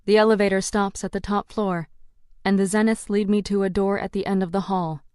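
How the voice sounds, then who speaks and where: A woman's voice: mid-range voice, little pitch movement, a little fast, darkish tone, clean tone, no echo, studio quality. A woman narrating a first-person audiobook in a tense, dramatic storytelling manner.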